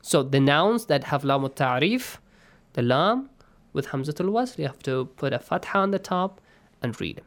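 A man's voice: a little high, very animated. Man teaching. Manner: patient, checks in often with "okay?" and "yes?"; breaks into slow stretched chanting of verses. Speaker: Quran recitation teacher. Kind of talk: online class, explaining and reciting.

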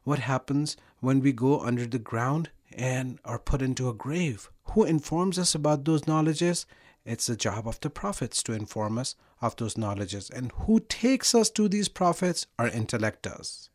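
Man, talk show host, calm, rhetorical questions, mid-pitched voice. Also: normal speed.

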